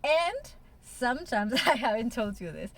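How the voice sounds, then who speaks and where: A woman's voice: a little high, big pitch swings, a little slow. A woman in a candid couple conversation, talking frankly and emotionally, with blunt swearing. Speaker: co-host.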